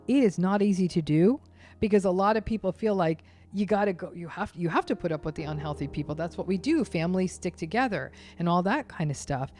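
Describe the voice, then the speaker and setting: A woman with a somewhat low voice speaks as a guest expert in a podcast interview. She explains her points emphatically, often slipping into short acted-out quotes to make them vivid. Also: brisk, a little mellow. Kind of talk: interview conversation.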